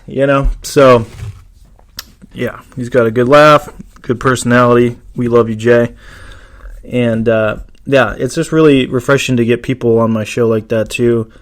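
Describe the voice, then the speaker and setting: A man's voice: mid-range voice, steady tone, measured pace. A man hosting a casual solo podcast, rambling with lots of ums and restarts. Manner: rambling, many fillers and restarts. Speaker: podcast host.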